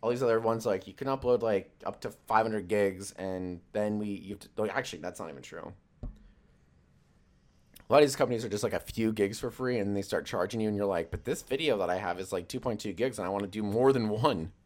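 A young man in a relaxed stream chat, his voice sitting a little low. He talks loosely and jokes around, swearing freely and drifting from one thought to the next with plenty of fillers. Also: brisk. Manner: profane, loose and joking, with many fillers. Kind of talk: casual rambling chat.

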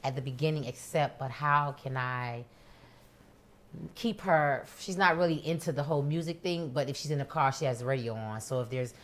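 Low-voiced woman telling stories. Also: moderate pace. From Miami, USA. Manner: animated storyteller, acts out quoted voices. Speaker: rapper, interview guest. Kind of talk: casual interview.

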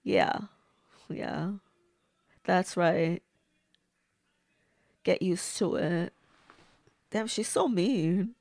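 A woman's voice: on the low side, very slow, pauses often, darkish tone, dry recording, clean studio sound. A woman reacting to a movie as she watches it, gushing and blunt, talking back at the screen. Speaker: movie reviewer. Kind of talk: casual movie reaction commentary.

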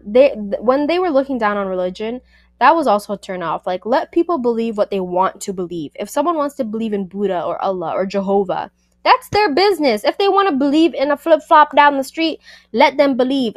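A woman hosts a casual book review podcast and talks back to the characters with plenty of sass. Her voice sits at a middle pitch and is recorded close and dry, with no room sound. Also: no echo.

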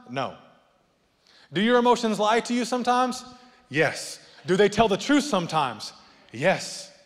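A man preaching a sermon as pastor, swinging from loud, rising appeals to soft, low asides and joking with the congregation. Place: church sanctuary. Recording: long reverb of a church hall.

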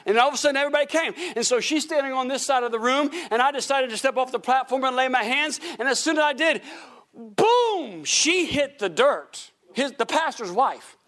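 A man's voice: very high voice, fairly quick. A middle-aged man preaching a sermon as pastor, telling a story with acted-out voices and frequent laughter. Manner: animated storytelling, acts out voices, laughs often.

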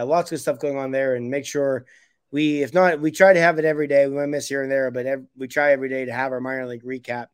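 A man's voice: medium pitch, smooth, no room sound, clean studio sound. A man co-hosting a casual sports podcast, opinionated and blunt, rambling with restarts. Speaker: podcast co-host.

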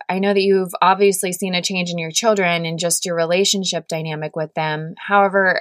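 A woman's voice: lowish voice, dry recording, studio quality. A woman hosting a podcast, asking attentive questions and affirming her guest. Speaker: podcast host. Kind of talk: interviewing.

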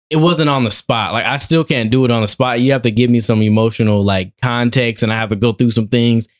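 A young man, a guest actor in a casual podcast interview, telling stories animatedly and laughing often. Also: mid-range voice.

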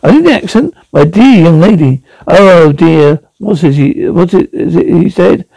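A man's voice: high voice, expressive, unhurried, vocal fry, mellow, no echo, full character voice, poor audio. A man reading a musing eccentric traveller.

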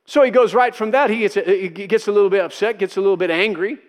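Male pastor, high-pitched, emphatic preaching, repeats lines for emphasis, slips into quoted voices. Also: quick pace. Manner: emphatic, repeats key phrases for effect. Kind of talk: sermon.

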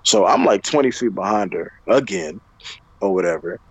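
A man's voice: lively intonation, normal speed, breathy edge, no echo, highs cut off. A young man telling a dating story in a casual, profane, rambling podcast chat, full of fillers and restarts. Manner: acts out his own heated replies in a higher voice.

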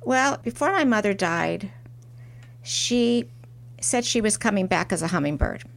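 A middle-aged woman, a porcelain artist, telling a reflective story in an interview with soft restarts. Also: medium pitch, expressive, unhurried, gravelly. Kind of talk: interview conversation.

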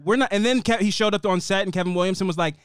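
A man in his thirties co-hosting a podcast, recapping a TV show in an animated, laughing, tangent-prone way. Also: high-pitched, racing, clear, resonant tone, no room sound, clean studio sound. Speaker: podcast co-host. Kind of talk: casual chat recapping a TV show.

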